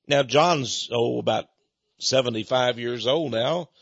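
A man preaching a sermon as a story, animated and chuckling between points, asking his listeners questions. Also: mid-range voice, measured pace, vocal fry, no room sound, muffled recording.

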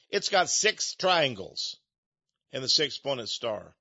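A man's voice: big pitch swings, slow, slightly rough, no echo, highs cut off. Fervent older man preaching on radio. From United States. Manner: fervent, preachy, shifts between loud outbursts and low asides. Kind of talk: fiery radio sermon.

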